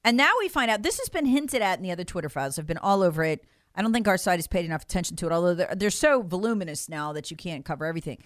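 Woman pundit, emphatic and scornful, smooth clear tone, close dry sound. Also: fairly low pitch, expressive, racing, fairly bright tone, dry recording. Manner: indignant, emphatic, mocks quoted officials. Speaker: political commentator. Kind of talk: political talk show commentary.

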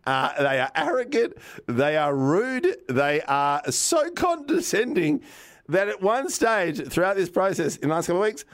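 A man's voice: high voice, big pitch swings, moderate pace. A man with an Australian accent, co-hosting a podcast and telling a story casually, swearing freely and acting out both sides of the conversation. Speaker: podcast co-host.

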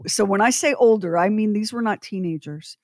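A woman telling a personal story in an animated, emphatic way, rising to loud indignation. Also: mid-range voice, brisk, no room sound, clean studio sound. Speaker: guest storyteller.

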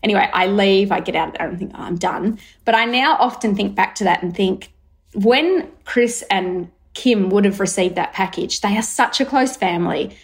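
Animated Australian woman telling a story. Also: medium pitch, moderate pace. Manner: lively, acts out her own thoughts in quotes, many fillers. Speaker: brand founder, guest.

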